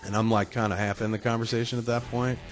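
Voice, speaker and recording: A man's voice: mid-range voice, little pitch movement, fast. A man hosting a podcast and telling a comic story casually, profane and self-mocking, acting out the voices of the people in it. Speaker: podcast host. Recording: music playing behind the voice.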